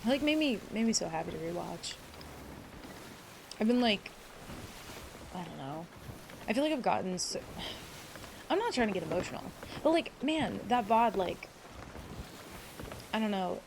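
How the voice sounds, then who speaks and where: A woman's voice: mid-range voice, sing-song, normal speed, creaky, long pauses, darkish tone, slight background noise. A woman streamer chatting casually with her viewers, rambling and swearing freely, teary at moments. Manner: rambling, emotional, swears freely, greets chat by name. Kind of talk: casual live-stream chat.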